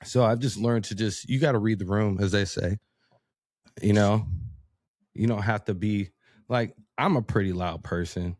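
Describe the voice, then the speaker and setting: A man chatting as a podcast guest, telling animated stories, acting out quotes and laughing often. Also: on the low side, moderate pace, no echo, clean studio sound. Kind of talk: casual conversation.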